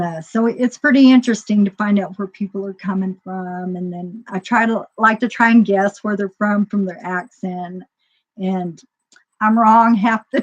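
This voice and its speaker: A woman who owns a store, talking to her viewers in a loose, rambling vlog monologue full of "you know" fillers. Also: medium pitch. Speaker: store owner. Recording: dull lo-fi recording.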